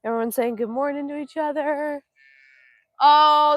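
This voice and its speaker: A woman's voice: high voice, fairly even intonation, measured pace, no room sound. A woman from Northeast Texas, hosting a casual livestream from an outdoor cow pen. She chats affectionately, answers viewer comments and coos to the animals in a sing-song baby voice. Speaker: livestream host.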